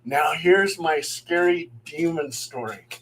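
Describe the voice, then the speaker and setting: A middle-aged man, a paranormal investigator, telling true ghost stories in an animated way, acting out the voices he quotes. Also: on the high side, slow pace, background noise. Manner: animated, acts out quoted voices, chuckles as he talks. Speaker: paranormal investigator and guest storyteller.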